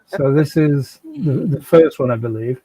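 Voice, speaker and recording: A man's voice: a little high, very animated, unhurried, dark tone, breathy edge, low-quality recording. A man hosting a podcast, asking interview questions in a hesitant way with many fillers. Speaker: podcast host.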